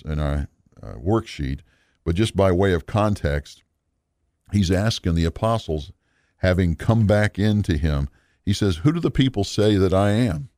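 A man teaching a recorded Bible lesson in an earnest, measured, explanatory way. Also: deep voice, darkish tone, no room sound, studio quality.

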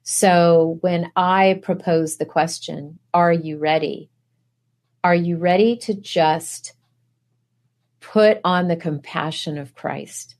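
Slow, low-voiced earnest woman preaching. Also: a little mellow. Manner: earnest, exhorting with rhetorical questions. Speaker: guest speaker. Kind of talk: preaching testimony.

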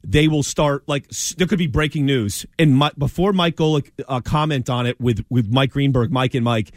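A man's voice: medium pitch, normal speed, no room sound, studio quality. Emphatic, stammering male sports radio host. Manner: emphatic, stammering restarts, opinionated. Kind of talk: sports talk radio banter.

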